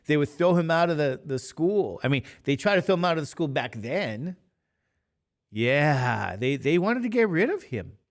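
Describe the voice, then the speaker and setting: A man's voice: a little high, very animated, measured pace, long pauses. A man in his fifties, a math teacher talking casually and rambling to his class between examples. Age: 50s. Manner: chatty, rambling, jokey asides to students.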